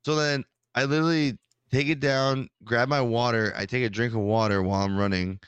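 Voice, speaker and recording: A man telling a story in casual chat, rambling and animated, with many restarts. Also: mid-range voice, fairly quick, clean tone, no echo, dull audio. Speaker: podcast co-host telling a story.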